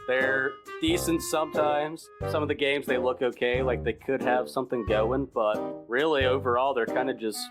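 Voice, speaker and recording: Man, mid-pitch, playful sports podcast host, light music underneath. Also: steady tone, fairly quick, few pauses. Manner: upbeat, playful, leads segments. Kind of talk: casual sports chat.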